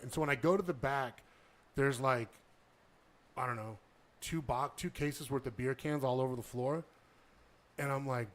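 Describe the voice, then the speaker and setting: This podcast storyteller speaks in a mid-range voice at a moderate pace, pausing often. He tells a lengthy story casually and with animation, acting out the lines and swearing plenty.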